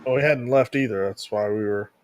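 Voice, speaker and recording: A man playing in a tabletop role-playing game, talking casually and thinking aloud in a relaxed way. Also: fairly low pitch, brisk, slight background noise.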